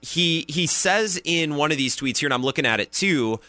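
A man on talk radio, asking questions in an animated, casual way. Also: a little high, normal speed, no echo, soft background music. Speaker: radio guest and host.

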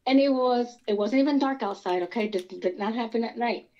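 Rambling, animated woman on a lo-fi line. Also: fairly high pitch, a little fast. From Pennsylvania. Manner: animated, rambling, many restarts. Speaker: guest experiencer. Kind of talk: casual interview storytelling.

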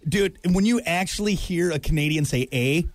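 A man's voice: high-pitched, fairly quick, no room sound. A man hosting a morning radio show, bantering in a teasing, mock-scolding way.

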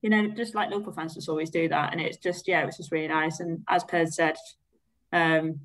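A woman's voice: sits low, steady tone, fairly quick, rough recording. A woman co-hosting a casual football podcast, talking in a rambling way with many fillers. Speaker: podcast co-host.

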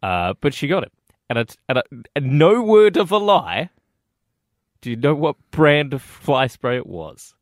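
A man co-hosting a radio show in casual banter, playful and quick to laugh. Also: on the high side, sing-song, no room sound, studio quality.

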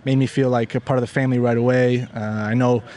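A man's voice: mid-range voice, little pitch movement, quick pace, darkish tone. A man from Italy, a football kicker, giving upbeat, earnest interview answers with plenty of fillers.

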